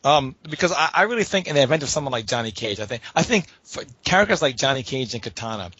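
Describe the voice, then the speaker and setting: A man with a bright, forceful voice tells animated stories about gaming and swears freely. The recording is dull and lo-fi, with a dry, close sound. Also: medium pitch, fast, husky, no room sound. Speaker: podcast guest, fighting game player. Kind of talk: casual podcast chat.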